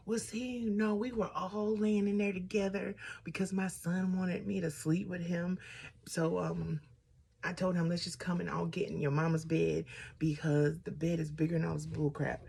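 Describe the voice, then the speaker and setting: A woman's voice: on the low side, flat delivery, moderate pace, creaky, mellow, breathy edge. A woman vlogger chatting through a casual storytime while doing her makeup, getting sidetracked and animatedly retelling what people said.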